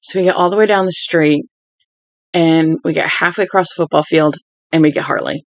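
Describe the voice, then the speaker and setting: Tired 40s woman streamer, gravelly voice, dry close sound, rambling chatty delivery. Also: deep voice, steady tone, a little fast, no echo, low-quality recording. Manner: chatty storyteller who drifts off topic. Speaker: book-reading livestream host. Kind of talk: rambling casual chat. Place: at home with dogs.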